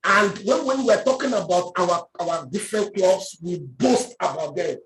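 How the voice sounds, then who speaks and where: A woman preaching a sermon with emphatic, drawn-out words and call-and-response questions. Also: fairly low pitch, expressive. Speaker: pastor. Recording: echoey room.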